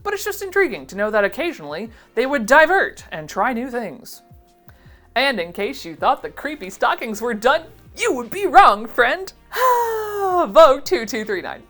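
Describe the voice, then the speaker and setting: A woman in her thirties from Ohio talks through a casual vlog, giggly and self-deprecating. Her pitch swoops up and down all the time. Faint music plays underneath. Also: big pitch swings, moderate pace, a bit bright. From Ohio, USA. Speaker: vintage pattern seller and vlogger.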